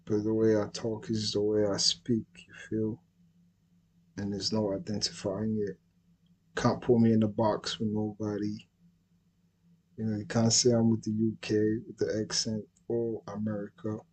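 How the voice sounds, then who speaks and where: A man's voice: on the low side, completely flat delivery, moderate pace, a little mellow, slightly rough, low-quality recording. A man hosting his own livestream, talking in a laid-back, slangy way and often checking that listeners follow him. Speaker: livestream host. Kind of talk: casual livestream chat.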